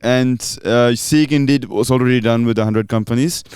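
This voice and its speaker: Young man, laid-back, clear smooth tone, dry mic. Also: medium pitch, steady tone, normal speed, a little mellow, no room sound. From Australia. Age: young adult. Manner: laid-back, says "bro" a lot. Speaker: podcast co-host. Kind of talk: casual chat, storytelling.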